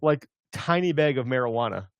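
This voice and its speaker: A man's voice: mid-range voice, lively intonation, no room sound. A man hosting a hunting podcast, rambling and joking his way through casual banter. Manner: joking, rambling, quick asides. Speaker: podcast host.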